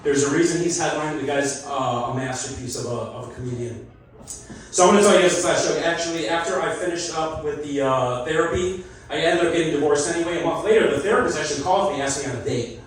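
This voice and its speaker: A man's voice: fairly high pitch, quick pace, distant mic. A middle-aged man doing a loose, rambling stand-up comedy set on a club stage, laughing at his own jokes. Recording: echoey club, mic heard from afar, loud crowd.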